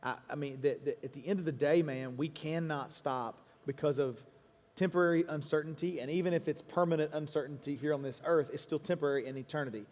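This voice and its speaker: A man speaking as a pastor to a congregation in a church auditorium. He is earnest, with quick restarts and quoted asides. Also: fairly high pitch, darkish tone. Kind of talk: stage conversation to a congregation. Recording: long hall reverb.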